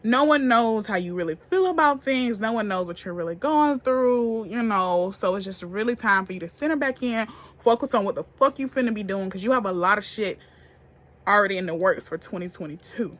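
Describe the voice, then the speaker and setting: A young woman telling a story to camera in a casual, profane, animated way, getting loud and then hushed. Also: medium pitch, fairly quick. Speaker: beauty vlogger.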